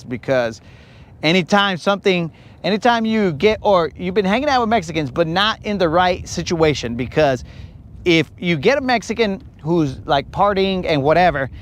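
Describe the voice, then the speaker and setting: Upbeat fishing streamer, a man with a high, bouncy voice, animated storyteller. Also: normal speed. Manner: animated storyteller, calls everyone bro; breaks into high whooping yells. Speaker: fishing livestreamer. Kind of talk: casual live-stream chat.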